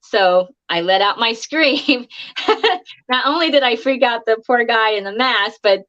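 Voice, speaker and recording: A woman's voice: fairly high pitch, unhurried, a bit bright. A woman guest actress on a live stream, telling chatty anecdotes in casual conversation and laughing often. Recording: dull lo-fi stream audio.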